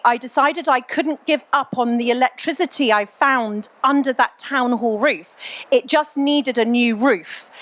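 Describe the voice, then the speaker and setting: Chatty middle-aged woman, slightly high voice. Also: a bit bright. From England. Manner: chatty, frank, many ums and you-knows. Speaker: guest entrepreneur. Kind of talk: candid onstage Q&A storytelling.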